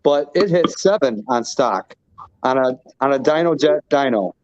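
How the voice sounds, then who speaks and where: A man joining a live stream as a guest, relaxed and going into detail about car specs. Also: mid-range voice, moderate pace. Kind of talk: casual chat. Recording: dry lo-fi stream audio.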